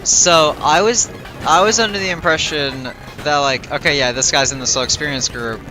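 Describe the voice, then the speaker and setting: A man's voice: on the high side, normal speed. Tired young man rambling over game music. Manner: rambling, thinking aloud with many fillers. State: tired and yawning. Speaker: streamer. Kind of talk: casual gameplay livestream chat.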